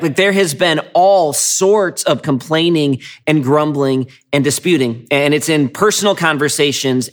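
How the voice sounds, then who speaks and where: A man's voice: a little high, fairly bright tone. A male pastor preaching a sermon in a conversational way, often repeating words as he starts a phrase. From Michigan.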